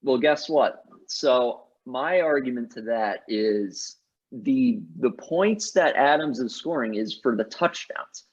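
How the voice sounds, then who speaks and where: Man, husky voice, emphatic sports chat, dull lo-fi audio. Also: mid-range voice, expressive, slow pace. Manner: emphatic, argues his picks with many restarts. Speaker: sports podcast co-host. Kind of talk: casual sports analysis chat.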